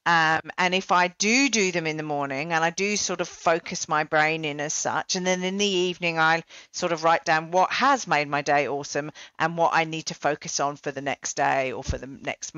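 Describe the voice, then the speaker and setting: A woman's voice: low-pitched, fairly bright tone, no room sound. A woman hosting a podcast, chatty and self-deprecating, with plenty of fillers as she talks. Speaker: podcast host. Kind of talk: casual interview chat. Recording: dull, dry lo-fi recording.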